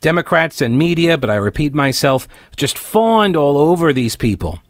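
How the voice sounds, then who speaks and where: A man's voice: fairly high pitch, sing-song, moderate pace. A man hosting a talk radio show, delivering an opinionated monologue full of sarcastic, mocking asides.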